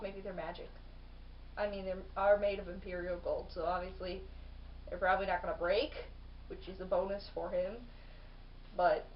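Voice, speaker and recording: A woman reviewing books in a casual vlog, chatty and rambling, full of "like" and gushing with excitement. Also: medium pitch, a little hiss or hum. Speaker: book reviewer. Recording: distant mic, dull lo-fi sound.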